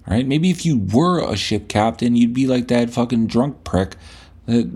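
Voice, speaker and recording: A man's voice: medium pitch, darkish tone, husky. A male podcast host delivering a blunt, profane, scolding rant at the listener. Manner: blunt, scolding, heavy swearing.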